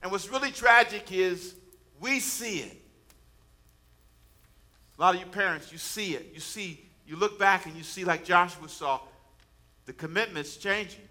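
Man, pastor, sermon delivery, bright tone, quiet asides, sudden loud bursts, call-and-response. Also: high-pitched, unhurried, pauses often. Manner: preaching with call-and-response prompts to the congregation.

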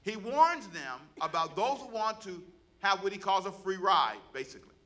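A man's voice: high-pitched, sing-song, moderate pace. A man, a pastor, preaching a sermon and calling on the congregation to repeat words back to him. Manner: preaching with call-and-response to the congregation; loud, rising exhortation.

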